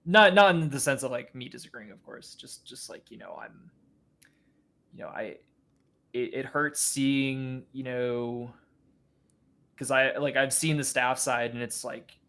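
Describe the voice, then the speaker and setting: Man, podcast guest, casual discussion, halting, lots of fillers, mid pitch. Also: bright, forceful tone. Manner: halting, many fillers and restarts.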